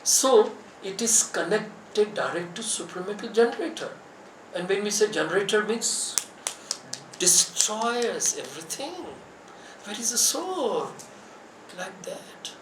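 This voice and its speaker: A man giving a slow, reflective devotional talk with dramatic pauses. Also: high voice, big pitch swings, noisy background. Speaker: spiritual speaker. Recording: echoey room, voice from far off.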